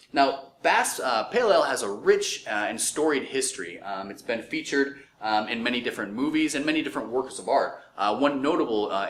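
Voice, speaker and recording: A man's voice: fairly low pitch, fairly bright tone. A young man co-hosting a casual educational chat, explaining at length with many ums and uhs. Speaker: co-host. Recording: echoey room with faint noise.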